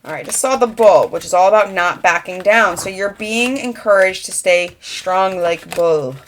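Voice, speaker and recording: A woman's voice: mid-range voice, moderate pace, a little hiss or hum. A young adult woman giving a rambling, conversational channeled tarot reading, full of fillers. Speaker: tarot reader.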